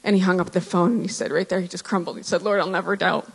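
A woman in her thirties giving a personal testimony in church, earnest and reflective, with pauses and restarts. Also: lowish voice, steady tone, husky. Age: 30s. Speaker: church speaker sharing testimony. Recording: hall reverb.

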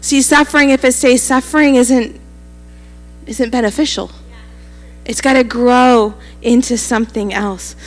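A woman's voice: on the high side, steady tone, a little slow, long reverb tail, faint music behind. A woman pastor preaching a sermon, telling a story animatedly and acting out the quoted lines.

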